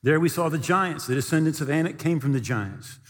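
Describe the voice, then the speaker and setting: A male pastor preaching a sermon, telling stories with animated delivery and shouting the quoted lines. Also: fairly high pitch, brisk, long reverb tail.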